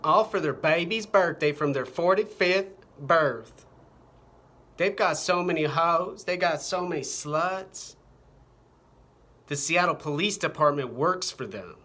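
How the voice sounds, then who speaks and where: The man's voice sits on the high side and moves slowly, sounding pushed and bright. As a vlogger addressing his camera, he delivers an agitated, cursing monologue that rambles and repeats itself over and over, captured on the camera mic.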